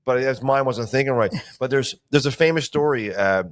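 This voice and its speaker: Male podcast co-host, mid-pitched, loose rambling talker. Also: fairly quick. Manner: rambling, trailing off mid-thought. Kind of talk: casual comedic chat.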